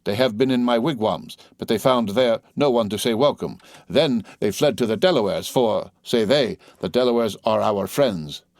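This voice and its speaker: A cunning war chief, as a man reads him aloud in an audiobook, courting his hosts with slow, weighed words. The voice sits low and is recorded dry and close, with no room around it. Every phrase is laid out carefully to flatter and to probe. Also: no room sound, lightly acted. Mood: persuasive. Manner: slow, measured, flattering oratory. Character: crafty, persuasive male Huron war chief.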